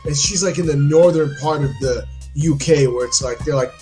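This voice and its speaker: A man with a slightly high voice chatting about boxing on a podcast. He stumbles through fillers before landing blunt opinions, with faint music under the talk. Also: moderate pace, darkish tone. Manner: hesitant, filler-heavy, blunt. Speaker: podcast co-host. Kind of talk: casual boxing chat.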